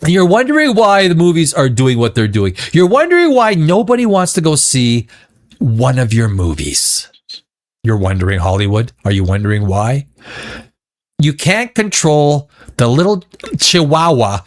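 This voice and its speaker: A man hosts a loose pop-culture commentary show in a somewhat high, very lively voice. He rambles and restarts his sentences, sliding into profane rants. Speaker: show host.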